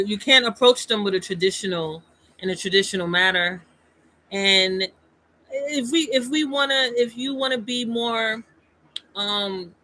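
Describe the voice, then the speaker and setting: A man's voice: high-pitched, sharp tone, slight background noise, low-quality recording. A man talking casually on a livestream, emphatic and rambling, with frequent restarts. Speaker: streamer.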